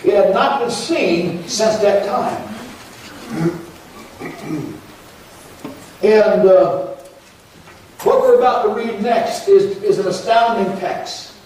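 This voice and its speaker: A man's voice: sits high, very slow, pauses often, a little mellow, a little hiss or hum. A man, a pastor preaching a sermon in a church, earnest and repetitive, rising into pleading prayers. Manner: earnest preaching with repeated words and rising pleas. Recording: echoey church from a distance with faint ambience.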